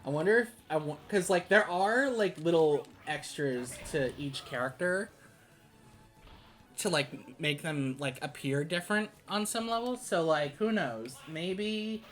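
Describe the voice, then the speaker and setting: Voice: mid-range voice, animated, a little slow, fairly bright tone, soft background music. Rambling chatty game streamer. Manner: rambling, full of "like" and restarts, laughs often. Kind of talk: casual gameplay commentary.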